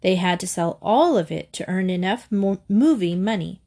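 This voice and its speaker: A woman reading a children's chapter book aloud, gentle and expressive. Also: on the low side, normal speed. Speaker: audiobook reader. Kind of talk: storybook narration read aloud.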